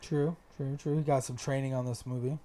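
A man's voice: mid-range voice, little pitch movement, fairly quick, dark tone, no echo. A young man co-hosting a podcast, talking bluntly and profanely in casual chat. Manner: blunt, profane, exasperated ranting. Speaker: podcast co-host.

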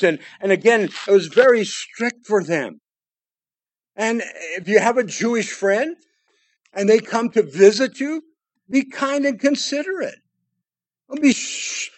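Older male pastor, high voice, dry close sound, folksy preaching with jokes. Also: no room sound. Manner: folksy, joking asides, dynamic swings from loud to hushed. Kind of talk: sermon.

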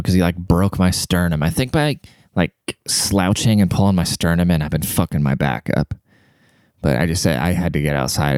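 A man in his thirties talking quietly in a rambling, profane casual monologue, keeping his voice down to a near whisper. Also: low-pitched, clean tone, no echo. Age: 30s. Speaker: vlogger.

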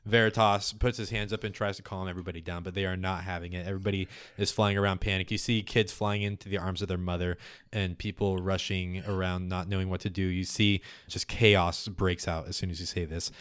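A game master narrating a tabletop game with lively, descriptive flair. His voice is on the low side and sounds dry and close, with little room in it. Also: fairly quick, smooth, no echo.

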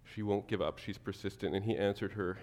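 Man, pastor, sermon, animated, acts out voices, lowish pitch. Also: fairly quick, in a large hall.

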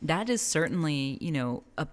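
A woman's voice: sits low, lively intonation, normal speed. A woman from New Mexico co-hosting a podcast, talking casually and rambling, correcting herself and laughing often. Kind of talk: casual conversation.

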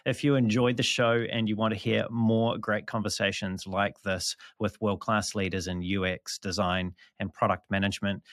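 A man hosting an interview podcast, speaking in a measured, courteous way with a few restarts. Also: fairly low pitch, fairly bright tone, no room sound, studio quality. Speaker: podcast host.

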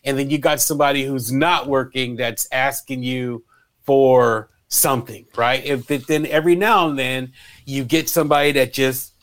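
A man co-hosting a morning radio show, telling stories in a loose, animated way and acting out what people said. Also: medium pitch, normal speed. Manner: animated storyteller, acts out quotes, swears freely. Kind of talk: casual radio chat.

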